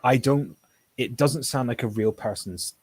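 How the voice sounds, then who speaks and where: A man on a casual online panel chat who talks haltingly, with lots of restarts. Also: medium pitch, a crowd in the background. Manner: hesitant, many restarts.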